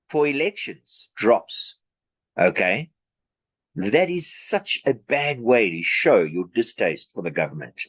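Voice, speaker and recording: A South African man giving a sarcastic, opinionated political rant, with many fillers and restarts. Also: on the low side. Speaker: political commentary vlogger.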